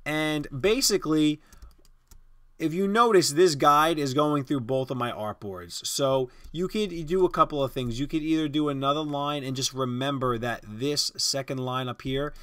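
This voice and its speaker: A man's voice: on the high side, moderate pace, clear, resonant tone, dry recording, clean studio sound. Casual man walking through design steps. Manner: casual, step-by-step instruction with fillers. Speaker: design tutorial host. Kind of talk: screen-recorded software tutorial.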